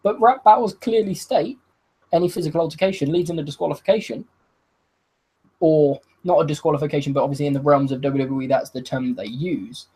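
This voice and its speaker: A man giving a solo review of a wrestling show, excitable and laughing, swearing often and acting out what the wrestlers said. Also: a little high, brisk, breathy edge, rough recording. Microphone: video call.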